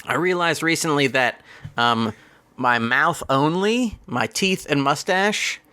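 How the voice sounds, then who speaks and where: A man's voice: a little high, sharp tone, clear, resonant tone. A man co-hosting a comedy podcast in a joking, giggly, casual way. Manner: joking, giggly, quick asides. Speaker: podcast co-host.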